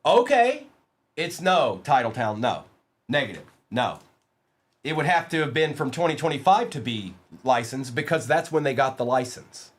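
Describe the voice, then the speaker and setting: Casting: male card-break streamer, lively pitch swings, quick excitable banter with chat.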